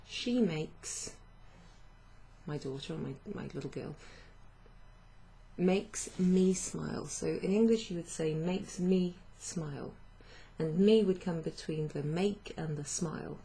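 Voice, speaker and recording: A woman teaches French in a slow, patient way, pausing on fillers and correcting herself as she goes. Her voice is low and warm with a gravelly edge. Faint hiss runs under the recording. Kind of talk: online language lesson.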